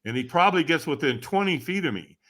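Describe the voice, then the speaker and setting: A man guesting on a podcast, telling a story with animated energy and acting out the dialogue. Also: a little high, fast talker. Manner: acts out quoted dialogue, emphatic and lively.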